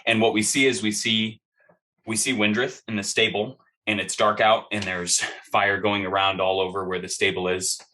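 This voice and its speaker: Male game master, low and forceful, narrates a fight in loose, profane, filler-heavy style. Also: little pitch movement, normal speed, a little hiss or hum. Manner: vivid, profane, rambling narration with many fillers.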